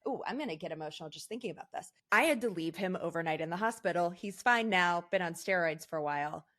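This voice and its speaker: Low-voiced woman sharing stories candidly. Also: expressive, quick pace, fairly bright tone. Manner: candid, emotional storytelling. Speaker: podcast guest. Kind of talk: casual conversation.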